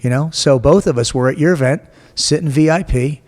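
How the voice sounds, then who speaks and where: A man's voice: a little high, fairly quick, in a large hall. A man in his forties tells a story from his own life in a casual interview, blunt and full of swearing. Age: 40s. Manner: blunt, profane, animated storyteller. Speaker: guest.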